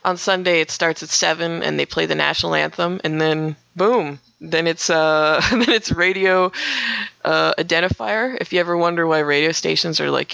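A woman's voice: sits low, moderate pace, gravelly, a bit bright, dry recording. A young woman from Minnesota, a radio worker and podcast guest, chatting casually in an interview. She laughs a lot and trails off mid-sentence. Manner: laughs often, trails off and restarts.

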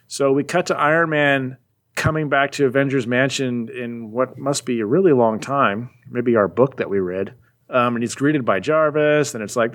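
Man, casual chat, animated storytelling, plain mid voice. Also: mid-range voice. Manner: rambling, animated retelling with quick voices for characters. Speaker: podcast co-host recapping a comic.

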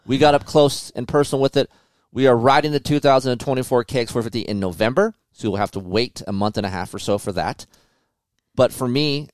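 A man hosting a motocross podcast, telling stories in a casual, animated way and swearing often. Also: medium pitch, clean tone, dry recording, studio quality. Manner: profane, animated storytelling. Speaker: podcast host, motocross test rider. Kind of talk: casual chat.

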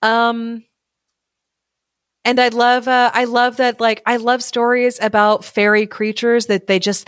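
A woman's voice: mid-range voice, dry recording. Chatty woman podcast host, dry sound. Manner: animated, laughs often, voices quotes. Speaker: podcast co-host reading a fairy tale. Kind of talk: casual chat and storybook reading.

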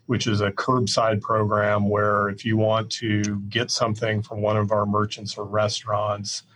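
An older man from the Midwest, a real estate executive answering podcast interview questions in a measured, plainspoken way with frequent fillers. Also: on the low side, slightly rough, low-quality recording. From Midwest US, Iowa.

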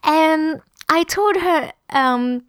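Brief: French-accented woman, higher voice, halting conversational advice, dry close sound. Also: no echo. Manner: hesitant, many ums and restarts.

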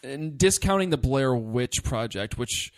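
A man in a relaxed podcast chat, ranting about a film with lively, profane energy. He rambles, restarts his sentences and swears often. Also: medium pitch, measured pace. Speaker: podcast co-host. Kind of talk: casual movie discussion.

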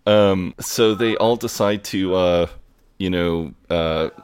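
A man's voice: deep voice, slow pace, a little mellow, clean tone. A man co-hosting a podcast, recapping an episode in casual chat, rambling with lots of fillers. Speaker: podcast co-host.

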